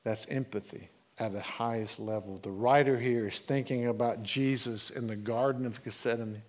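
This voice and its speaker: Speaking at a normal speed in a steady, medium-pitched voice, this pastor delivers a sermon like a conversation. He asks the congregation questions and shifts between loud and quiet.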